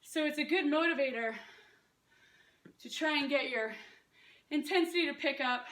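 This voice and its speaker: A woman's voice: high voice, moderate pace, fairly bright tone, reverberant, distant mic. A woman in her thirties coaching a home workout, upbeat and encouraging, out of breath. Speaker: fitness instructor. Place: room at home.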